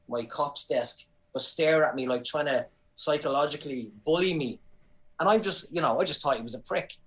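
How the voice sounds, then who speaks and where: A man with an Irish accent, a comedian and actor chatting on a podcast, telling lively anecdotes with frequent restarts. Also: on the high side, low-quality recording. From Ireland. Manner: animated storyteller, many restarts. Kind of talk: casual podcast chat.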